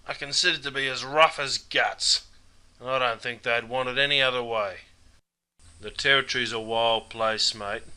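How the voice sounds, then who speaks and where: A man's voice: medium pitch, pushed and bright. A man with an Australian accent narrating a scripted, jokey lesson on slang, full of broad slang and calling the listener mate all the time. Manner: matey, broad slang, says mate constantly. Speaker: English teacher.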